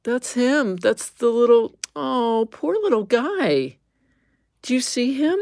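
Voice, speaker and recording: Woman host, casual livestream chat, unhurried with a gravelly edge, dry close sound. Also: on the high side, big pitch swings, a little mellow, no echo. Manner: chatty, easily amused, squeamish exclamations.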